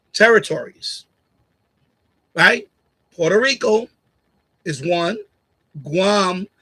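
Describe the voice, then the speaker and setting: A man's voice: high voice, bright, forceful tone, poor audio. A man hosting a live stream, chatting casually and bluntly with his chat, repeating himself and laughing at comments. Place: home streaming setup. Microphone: USB condenser mic on boom arm.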